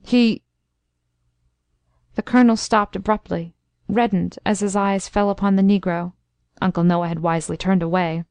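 A woman's voice: medium pitch, a little mellow, smooth, dry recording. Woman narrating a classic story, dry sound. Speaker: audiobook narrator.

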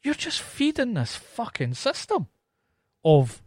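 Scottish guy telling stories in a casual chat, very animated, lots of swearing, dry sound. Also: very high voice, takes it slowly, dry recording. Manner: animated storytelling, heavy swearing.

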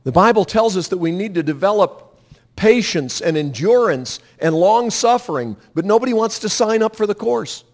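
A man's voice: sits high, animated, normal speed. A man preaching a sermon, emphatic and drawing the congregation into repeating lines after him. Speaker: pastor.

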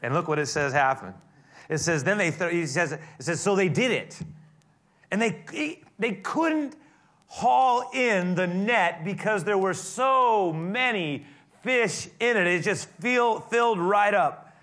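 A man preaching a sermon, retelling a story in a conversational way that swells into emphatic high points. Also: expressive, slow pace, a bit bright. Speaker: pastor.

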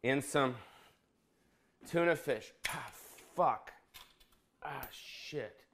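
A man's voice: medium pitch, drawn-out words, a bit bright, slight background noise. A man hosting a casual comedic cooking vlog, bossy and profane, teasing his cameraman. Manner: crude, bossy, joking, profane.

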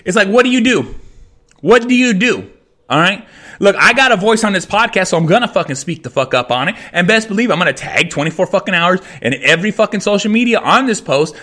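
A man delivers a furious podcast rant and swears almost every line. His voice sits high and sounds bright and tense. He circles back to the same phrases again and again. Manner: heavy swearing, repetitive, furious. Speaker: podcast host. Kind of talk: angry rant.

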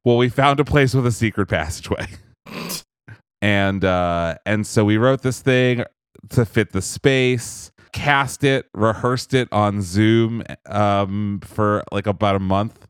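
Low, smooth-voiced man telling a story. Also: takes it slowly, dry recording, studio quality. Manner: storytelling, animated, self-amused. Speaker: podcast co-host. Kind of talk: casual chat.

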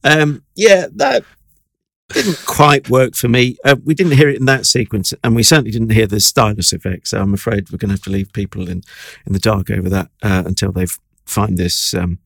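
A man's voice: on the low side, normal speed, creaky, no room sound. A man co-hosting a review podcast, wry and rambling with playful asides. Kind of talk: casual review chat.

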